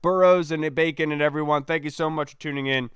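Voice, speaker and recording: A man's voice: fairly high pitch, fairly even intonation, quick pace, fairly bright tone, smooth, dry recording, studio quality. A man hosting a casual sports podcast, chatty and rambling as he wraps up. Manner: chatty, rambling sign-offs. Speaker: podcast host.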